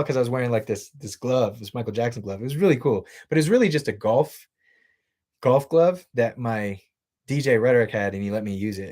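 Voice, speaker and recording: A man's voice: mid-range voice, a little mellow. A man on a livestream reading chat questions aloud and answering them in a blunt, profane, rambling way.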